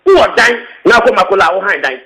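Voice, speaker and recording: A man's voice: high voice, animated, fast talker, bright, forceful tone, rough recording. A man with a Ghanaian English accent, speaking as a tenants union leader in an impassioned, emphatic interview statement, repeating points and slipping into local phrases. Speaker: tenants union secretary general.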